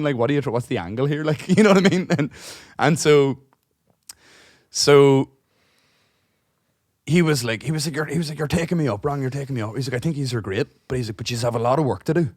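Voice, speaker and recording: A man tells a long, meandering story in casual podcast chat. He swears often, restarts his sentences and acts out what everyone said. His voice is mid-pitched and sounds dry and close to the mic. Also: brisk, a little mellow, no room sound. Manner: rambling, swears a lot, acts out dialogue; restarts and trails off while telling stories. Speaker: podcast co-host.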